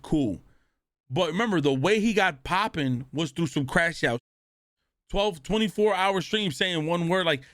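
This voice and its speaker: A man's voice: fairly high pitch, a bit bright, dry recording, studio quality. A man live-streaming a reaction, talking bluntly with lots of cursing and speaking straight to his chat.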